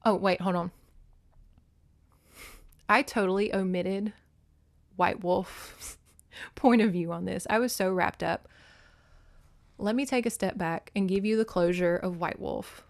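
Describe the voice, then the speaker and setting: Animated woman recapping a book. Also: medium pitch, a little slow, long pauses. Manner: animated and emotional, swings between loud and soft; laughs and curses freely. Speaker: podcast host. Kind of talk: casual book recap monologue. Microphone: phone.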